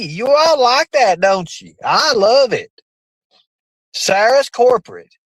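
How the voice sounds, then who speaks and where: A man hosting a livestream, rambling in crude casual chat with sudden jumps in pitch. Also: very animated, slow, fairly bright tone, no room sound, rough recording. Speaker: livestream host.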